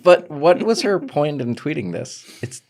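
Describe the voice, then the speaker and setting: A man as a podcast guest in casual chat, loose and joking, quick to laugh. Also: a little high, sing-song, darkish tone.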